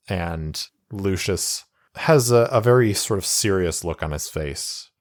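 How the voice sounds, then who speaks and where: A man narrating a solo tabletop role-playing game in a relaxed way, thinking aloud and reading rules. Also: sits low, unhurried.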